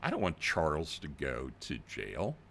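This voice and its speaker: A frightened old grandmother with a Southern drawl stammers and frets, her voice low and gravelly. Her pitch swings high and then drops away, as a man puts her on. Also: wildly swooping pitch, unhurried, fairly bright tone, slight background noise, heavily acted. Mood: anxious. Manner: stammering, anxious, pleading.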